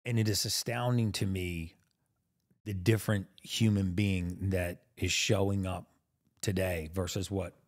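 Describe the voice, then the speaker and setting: Low-voiced male podcast host. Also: level tone, unhurried. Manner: affirming, chatty, backchannels a lot. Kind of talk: conversational interview.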